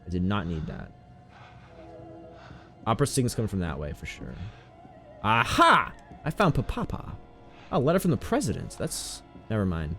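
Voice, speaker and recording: A man's voice: fairly low pitch, wildly swooping pitch, normal speed, vocal fry, long pauses, bright, forceful tone, faint music behind. A man streaming a horror game with casual, sarcastic commentary, joking and swearing freely.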